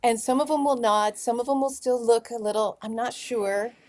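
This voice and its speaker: A woman's voice: fairly high pitch, a little fast. A middle-aged woman, a youth leadership trainer, telling stories in an interview and acting out the dialogue. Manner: animated storyteller acting out dialogue. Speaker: guest, teen leadership trainer. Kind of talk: conversational interview storytelling.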